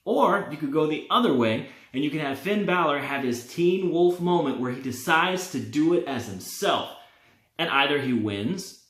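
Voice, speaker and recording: A man hosting a wrestling vlog, talking in an animated, opinionated way and laughing now and then. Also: on the high side, moderate pace. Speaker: wrestling vlogger. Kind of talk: casual fantasy-booking talk. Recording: roomy, echoey.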